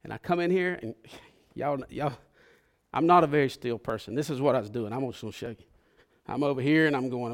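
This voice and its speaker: A man preaching a sermon in an emotional, conversational way, moving from hushed confession to fervent pleas. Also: mid-range voice, moderate pace, pauses often. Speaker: pastor.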